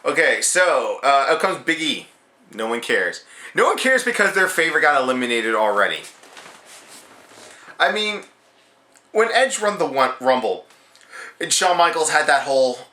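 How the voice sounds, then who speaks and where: A young man from Canada, giving an excitable, profane, rambling review of a wrestling show. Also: mid-range voice, normal speed, reverberant. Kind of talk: casual video review.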